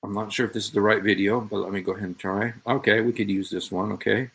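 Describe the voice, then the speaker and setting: A man's voice: lowish voice, level tone, fast talker, gravelly, a bit bright, slightly rough. Emphatic, sarcastic male commentator. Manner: sarcastic, repeats quoted phrases pointedly; emphatic, addresses an absent opponent directly. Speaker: show host. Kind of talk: commentary on played clips.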